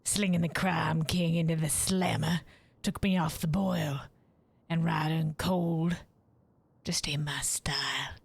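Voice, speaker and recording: A woman voicing a hard-boiled male noir detective, slow and half-whispered, while playing a game on stream. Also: low voice, flat delivery, creaky, a little mellow, breathy edge, no echo, heavily acted. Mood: brooding.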